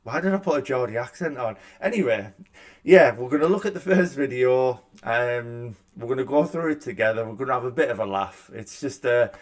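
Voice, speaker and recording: A gaming YouTuber with a mid-range, expressive voice talks fairly quickly into a desk microphone in a room at home. It's a casual reaction vlog, and he comes across as chatty and self-deprecating.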